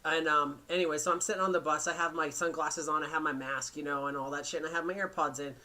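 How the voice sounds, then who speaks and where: A man's voice: on the high side, steady tone, fast talker, sharp tone. A man hosting a podcast, telling a rambling, profane story in casual chat. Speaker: podcast host.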